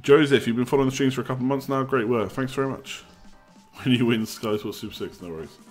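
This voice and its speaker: A man's voice: medium pitch, fast, soft background music. A young man hosting a live stream, chatting casually, joking and reading out the chat. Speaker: livestream host.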